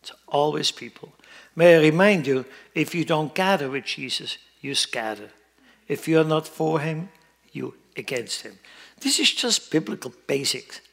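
Emphatic male preacher, slightly high voice. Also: lively intonation, moderate pace, gravelly. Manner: emphatic preaching, swinging from loud to quiet. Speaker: pastor. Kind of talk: sermon.

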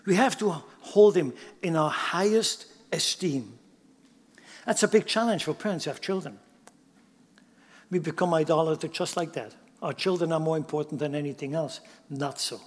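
Guy preaching a sermon, kinda high voice, gets loud then drops almost to a whisper, big echoey hall. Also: normal speed. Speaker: pastor.

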